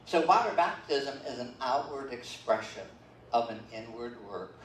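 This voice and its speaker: A man's voice: medium pitch, lively intonation, moderate pace, a little hiss or hum. An older man preaching a sermon as pastor, talking conversationally with many fillers and "okay?" check-ins. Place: church sanctuary. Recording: roomy, distant church livestream.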